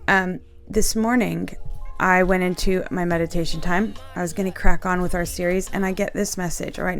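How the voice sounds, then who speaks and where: Earnest woman sharing a spiritual message. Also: medium pitch. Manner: earnest, emotional, addresses viewers directly with frequent "okay?". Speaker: faith video host. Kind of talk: casual spiritual talk to camera.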